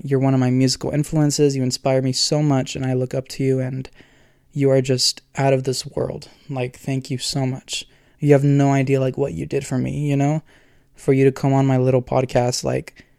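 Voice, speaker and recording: A man's voice: medium pitch, darkish tone, clean tone, no room sound, studio quality. A man hosting his own podcast, talking alone in an earnest, rambling way with many fillers. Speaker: podcast host. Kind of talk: casual solo podcast talk.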